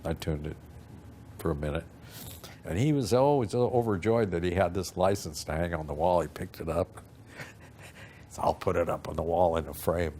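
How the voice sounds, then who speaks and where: An older man recounting a story in a relaxed, rambling interview style, often acting out what other people said. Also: low voice, moderate pace, long pauses, a little hiss or hum. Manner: rambling, acts out quoted voices, frequent fillers. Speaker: interview guest. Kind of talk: anecdotal storytelling.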